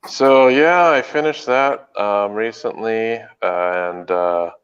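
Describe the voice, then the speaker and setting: A man with a low, smooth voice talks loosely on a podcast, pausing with lots of ums and likes. The recording has a slightly muffled, lo-fi quality. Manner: rambling, hesitant, many fillers. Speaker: podcast co-host. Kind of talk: casual chat.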